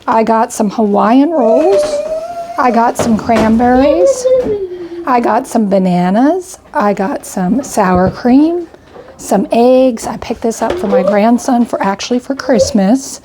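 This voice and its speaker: With background noise behind her, an older woman on a homestead vlog chats through her grocery haul item by item, a little out of breath. Her voice is on the high side and animated yet slow-paced, and she keeps using "I got" and "went ahead."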